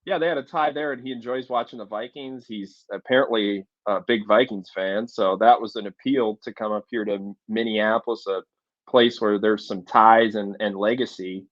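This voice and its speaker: A man's voice: fairly low pitch, steady tone, normal speed, fairly bright tone, no echo, muffled recording. A man co-hosting a sports chat show, breaking down recruiting in an analytical way with frequent fillers. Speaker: sports podcast co-host.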